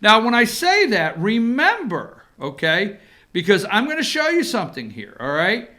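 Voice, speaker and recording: Animated political commentary comes from a man running his own opinion show in an office room. He's sarcastic and lively, repeating phrases for emphasis, and speaks at a moderate pace in a high, bright, sharp-edged voice that swoops widely.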